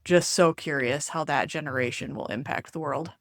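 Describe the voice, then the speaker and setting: A woman's voice: sits low, normal speed, no room sound, clean studio sound. A woman co-hosting a podcast in casual chat, upbeat and laughing often. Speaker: podcast co-host and enneagram coach.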